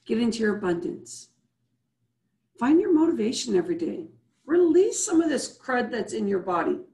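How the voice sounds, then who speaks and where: Gravelly woman coaching in an echoey room. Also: on the high side, very animated, normal speed, mellow. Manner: coaching, repetitive rhetorical questions. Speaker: host and business coach. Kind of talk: motivational show wrap-up with guided breathing. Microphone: video call.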